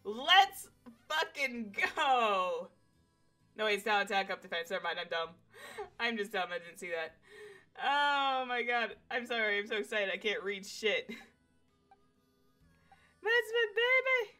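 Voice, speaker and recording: A young woman streaming a game live from home on a desk mic, excitable, swearing freely and talking to her chat. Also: medium pitch, normal speed, soft background music.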